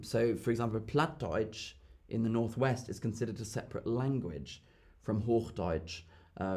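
A man's voice: fairly low pitch, darkish tone. A young man hosting a casual live-stream lesson, chatty, with many fillers and repeated key phrases. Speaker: German tutor hosting a live Q&A.

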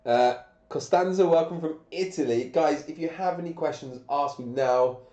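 A man's voice: on the high side, normal speed, mellow. A man, sick and coughing, teaching grammar on a live stream with patient step-by-step questions. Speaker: English teacher. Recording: echoey, dull lo-fi room sound.

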